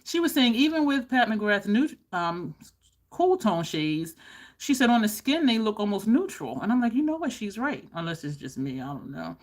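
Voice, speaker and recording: A woman beauty vlogger chatting to camera, animated and laughing often, with high exclaimed reactions. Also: normal speed. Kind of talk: casual chat to camera.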